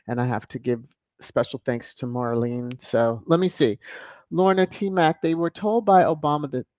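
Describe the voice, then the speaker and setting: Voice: medium pitch, a little mellow, dry recording. A commentator on a video channel, sassy and mocking, chuckling often while reading headlines and viewer comments aloud. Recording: dull lo-fi, dry close mic.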